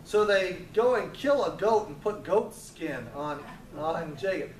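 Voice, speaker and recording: A man's voice: sits high, expressive, unhurried, slight background noise. A man teaching a casual Bible class, telling the story conversationally with joking asides and frequent restarts. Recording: roomy, distant, faint ambience.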